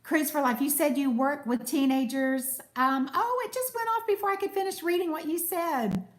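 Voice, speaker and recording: A woman's voice: high-pitched, normal speed. A woman, chatting casually on a live stream and thanking viewers as she reads their comments. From United States. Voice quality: soothing voice. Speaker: cooking channel host. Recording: echoey room.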